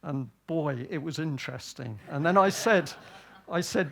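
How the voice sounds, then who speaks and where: A man's voice: fairly high pitch, unhurried, vocal fry. A man from Britain giving a public talk, often asking himself rhetorical questions and answering them. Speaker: speaker at a public event.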